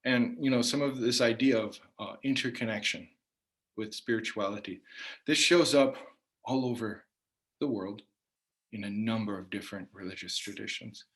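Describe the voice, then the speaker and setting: A man giving a measured spoken lecture on the meaning of words, often letting phrases trail off softly at the end. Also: on the low side. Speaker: language teacher.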